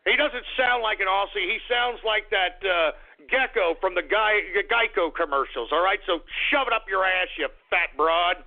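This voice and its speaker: A man hosting a call-in radio show, ranting angrily and swearing with a profane shouting manner. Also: sits high, normal speed. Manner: angry, profane shouting rants. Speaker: radio host. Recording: tinny lo-fi radio sound.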